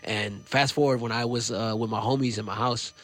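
A man's voice: medium pitch, a little fast. A young man from New York, a guest musician, chatting casually and acting out voices as he tells stories. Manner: animated, acts out voices in his stories. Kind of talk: casual interview chat.

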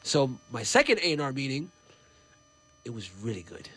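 A man, a musician guest, telling stories in a lively, casual way and acting out what others said. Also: mid-range voice, normal speed, breathy edge. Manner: animated, acts out other people's lines. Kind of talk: casual storytelling.

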